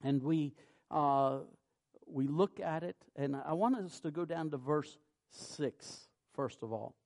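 A man with a fairly high voice preaches a sermon, reading scripture in a measured cadence before climbing to loud, emphatic peaks.

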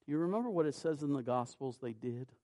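A man preaching a sermon, reading scripture in a measured cadence and rising to loud, emphatic peaks. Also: medium pitch, lively intonation.

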